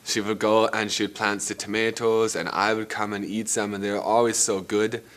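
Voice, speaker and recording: A man's voice: lowish voice, level tone, normal speed, a bit bright, close to an everyday voice. An actor playing a rambling, eccentric male painter in a comedic mockumentary interview, talking casually and crudely.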